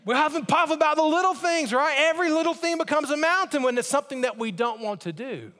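A man's voice: very high-pitched, lively intonation, fast talker, sharp tone, big-room sound. A man preaching a sermon as pastor, earnest and emphatic, repeating key phrases for weight. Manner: earnest, repetitive emphasis, mimics others in asides.

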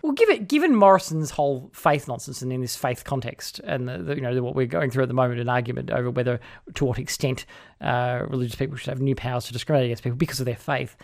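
A man with an Australian accent, co-hosting a casual political chat in a sardonic, animated way. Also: mid-range voice, quick pace, vocal fry. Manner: sardonic, animated, mocking voices of opponents. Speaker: podcast co-host.

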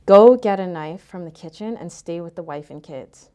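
A woman voicing a curt, commanding male robber leader who gives flat, terse orders. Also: sits high, moderate pace, smooth, close to an everyday voice.

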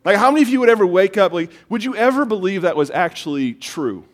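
Animated storytelling pastor, a man. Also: high-pitched, fast talker. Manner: storytelling, animated, repeats words when excited. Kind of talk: sermon.

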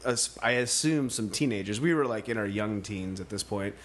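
A man's voice: fairly low pitch, moderate pace. A man co-hosting a comedy podcast, telling crude stories from his small-town youth and laughing through them, with plenty of swearing. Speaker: podcast co-host. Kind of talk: casual comedic chat.

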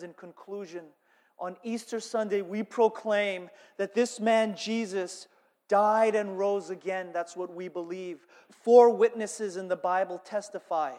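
High-voiced male pastor, booming hall reverb. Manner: impassioned, builds to loud preaching with repeated phrases. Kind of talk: sermon. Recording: long reverb of a worship hall.

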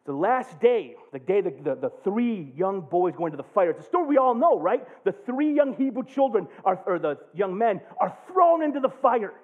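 High, lively male preacher, tinny sound. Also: moderate pace, few pauses. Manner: excitable, jokey, loud bursts when acting out the story. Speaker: pastor. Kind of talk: animated sermon storytelling.

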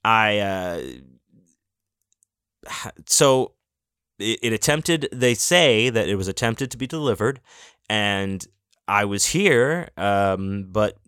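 A man with a fairly low voice hosts his podcast in a loose, rambling monologue. He trips over his words, restarts sentences and scatters in casual swearing. The sound is dry and close, with no room around it. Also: expressive, takes it slowly, pauses often, fairly bright tone, smooth, no echo. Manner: rambling with many restarts and fillers. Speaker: podcast host.

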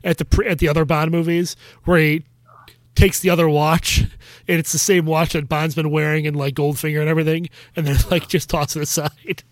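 Male co-host, slightly high pitch, dead-dry close mic, understated. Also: little pitch movement, brisk, no room sound. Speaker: podcast co-host. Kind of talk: casual movie discussion.

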